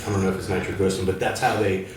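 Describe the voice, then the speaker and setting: A man's voice: low voice, little pitch movement, very fast, noisy background. A man telling rambling anecdotes in casual chat. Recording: distant mic in a very echoey room.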